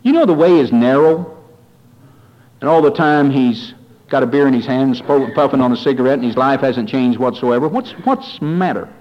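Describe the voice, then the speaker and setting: A man preaching a fiery sermon, swinging from quiet warnings to loud rising appeals, calling his listeners folks. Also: medium pitch, normal speed, dull audio. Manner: addresses listeners as "folks", repeats phrases.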